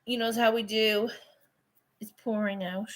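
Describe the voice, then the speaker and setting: A woman's voice: on the high side, little pitch movement, a little slow, very noisy. A middle-aged woman hosting a casual livestream from her phone, rambling, swearing casually and laughing often. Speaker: livestream host.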